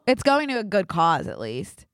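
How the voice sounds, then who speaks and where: A woman's voice: mid-range voice, big pitch swings, moderate pace, no room sound, clean studio sound. A young woman co-hosting a casual podcast, chatty and candid, laughing easily. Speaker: podcast co-host. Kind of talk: casual chat.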